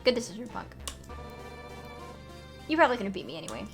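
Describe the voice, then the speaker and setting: A woman voicing a brash, loud female fish warrior who teases people and calls them punk, with music underneath. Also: a little high, very animated, brisk. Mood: teasing. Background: background music.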